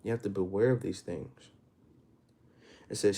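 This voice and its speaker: A man with a Texas accent leads a Bible class in a relaxed, conversational way. His voice sits low and mellow, and he reads the verses at a slow pace before breaking them down in everyday slang with rising force. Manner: reads scripture slowly, then explains in casual street talk with rising emphasis. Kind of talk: informal scripture teaching.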